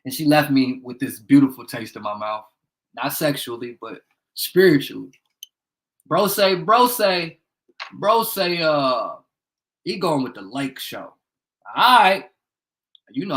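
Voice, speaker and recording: A man's voice: medium pitch, lively intonation, measured pace, fairly bright tone, rough recording. A young man from Indiana hosting a casual livestream from a bedroom at home, rambling, swearing freely and calling out viewers by name. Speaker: livestream host. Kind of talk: casual live-stream chat.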